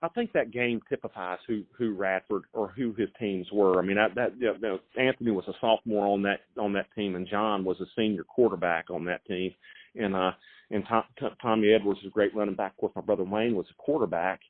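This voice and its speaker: Middle-aged male coach, stammering restarts, low voice, dry tinny phone line. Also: no room sound. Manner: halting, many repeated words and fillers. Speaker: high school football coach. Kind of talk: phone interview.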